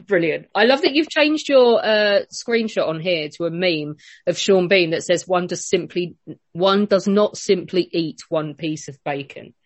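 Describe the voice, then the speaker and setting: A woman's voice: fairly low pitch, measured pace, dry recording. A woman hosting a casual online panel, chatty and teasing with guests. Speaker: host.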